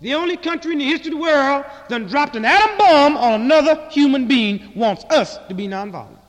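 A man delivering a fiery speech to a live audience, impassioned, rhythmic and sarcastic, swinging from loud to hushed. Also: very high voice, animated, brisk. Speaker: political activist speaker. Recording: long reverb in a large hall.

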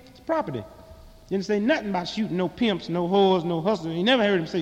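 A man's voice: high-pitched, brisk, in a large hall, muffled recording. A man delivering a political stand-up monologue in a fiery, preaching, sarcastic manner to a live audience. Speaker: comedian and speaker.

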